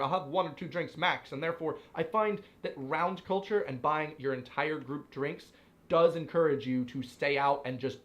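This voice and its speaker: Animated high-voiced young man. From United States. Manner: animated, playfully exasperated storytelling. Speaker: vlogger. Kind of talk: casual commentary.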